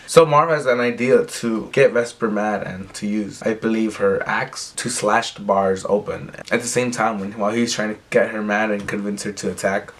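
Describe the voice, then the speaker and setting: Rambling young man, slightly low voice. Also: fairly bright tone. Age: young adult. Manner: rambling, heavy on filler words. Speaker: recap vlogger. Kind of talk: casual episode recap.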